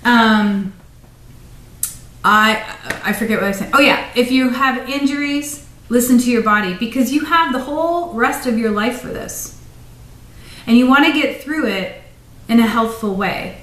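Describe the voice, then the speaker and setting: A woman's voice: fairly high pitch, a little slow, pauses often, fairly bright tone. A woman giving a casual, rambling pep talk on a phone livestream, drifting off on tangents. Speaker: running and fitness motivator. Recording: roomy sound from far off the mic.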